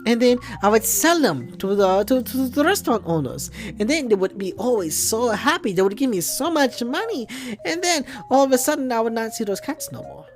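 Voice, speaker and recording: A man's voice: very high-pitched, very animated, faint music behind. A man voicing a middle-aged aunt who stammers and schemes. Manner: halting, stammering.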